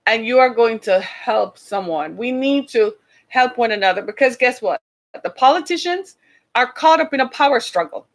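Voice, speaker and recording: Speaking at a normal speed, this livestream host has a fairly high, expressive voice. She addresses her viewers with earnest passion, preaching at them and calling again and again for them to listen.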